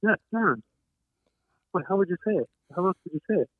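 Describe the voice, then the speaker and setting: An Irish man from Ireland, a friend calling in to the podcast, chatty and quick to laugh. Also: high voice, lively intonation, no room sound, phone-quality sound. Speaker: phone caller, friend of host.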